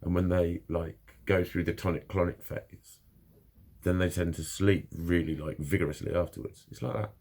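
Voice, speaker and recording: A man's voice: low-pitched, fairly even intonation, normal speed, darkish tone, slight background noise. A man talking frankly and bluntly in a casual monologue, swearing constantly as he opens up about his own experiences. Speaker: vlogger.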